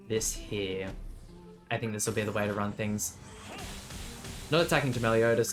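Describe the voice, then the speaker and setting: A man giving casual commentary over his own gameplay for a video, thinking aloud with fillers and restarts. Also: medium pitch. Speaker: gaming video creator.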